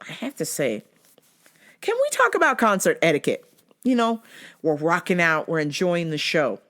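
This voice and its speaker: Woman ranting thru funny stories, swears a lot, pitch jumps all over, voices the people she quotes. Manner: profane, animated, acts out quotes in a higher voice. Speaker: podcast host. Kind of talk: casual storytelling monologue.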